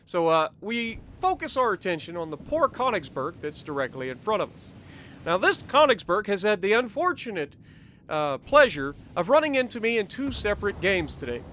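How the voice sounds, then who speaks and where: A man's voice: high voice, very animated, moderate pace, a bit bright, slight background noise. A man hosting a gaming channel, giving chatty, enthusiastic and jokey commentary over his gameplay.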